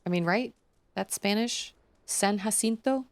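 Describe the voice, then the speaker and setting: A woman who streams games chats casually during a let's-play, wandering off on tangents and giggling a lot. Her voice is medium in pitch and measured in pace, and the recording is dry.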